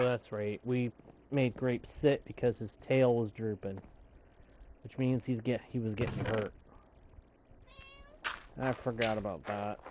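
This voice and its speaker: A man live-streaming a game and chatting with his viewers, shifting into high excited bursts when he greets them and putting on mock outrage over small mistakes. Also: slight background noise. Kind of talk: live gameplay chat with viewers.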